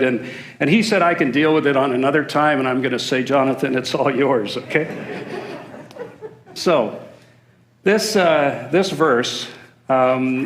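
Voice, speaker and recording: A man's voice: mid-range voice, a little hiss or hum. Male guest preacher, mid voice, jokey asides, church reverb. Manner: joking, self-deprecating asides. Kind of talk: sermon. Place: church sanctuary.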